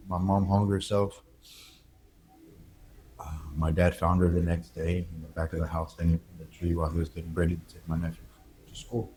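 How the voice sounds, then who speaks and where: A man speaks as an interview guest. He tells his story candidly, halting now and then as he reflects. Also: sits low, darkish tone, a little hiss or hum. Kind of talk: emotional personal interview.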